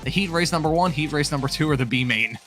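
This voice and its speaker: A man's voice: on the high side, quick pace, a bit bright. A man commentating a sim racing broadcast, chatty and upbeat, joking between race calls. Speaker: lead commentator. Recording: faint music bed behind.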